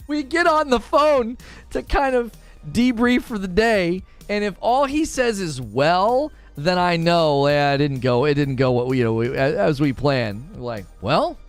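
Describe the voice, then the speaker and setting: A man's voice: sits high, expressive, normal speed, clear, resonant tone, no room sound, soft background music. A man streaming, chatting casually with viewers in a rambling, laughing manner. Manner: rambling, self-interrupting, laughs often.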